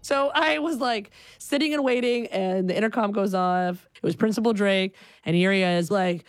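Animated woman telling a personal story. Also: mid-range voice, moderate pace, no room sound. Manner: animated, acts out the people in the story.

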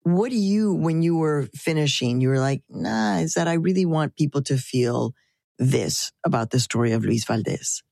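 A woman's voice: sits low, normal speed, creaky, warm tone, dry recording, clean studio sound. A woman interviewing guests, asking questions with enthusiastic, effusive reactions.

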